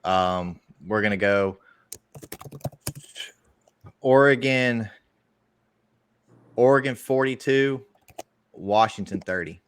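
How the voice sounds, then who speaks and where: A young man co-hosting a sports podcast, giving measured predictions with some restarts. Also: lowish voice, a little hiss or hum. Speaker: podcast co-host. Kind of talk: casual sports analysis.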